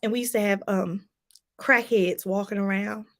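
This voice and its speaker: A woman's voice: medium pitch, steady tone, normal speed, noisy background. A woman from Washington, D.C., giving a motivational talk as a life coach, emphatic and repeating her points straight to viewers.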